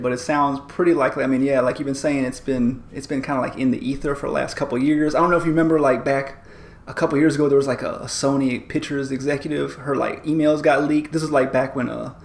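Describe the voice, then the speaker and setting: A man's voice: medium pitch, fairly even intonation, fast, gravelly, reverberant. A man co-hosting a podcast in casual chat, rambling with many restarts and fillers. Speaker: podcast co-host.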